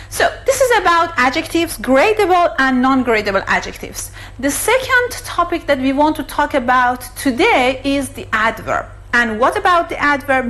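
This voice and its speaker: A woman's voice: sits high, a bit bright, low-quality recording. A woman with a Turkish accent, a native Turkish speaker, teaching an online English grammar lesson and explaining step by step with frequent fillers. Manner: explains slowly, many fillers and restarts.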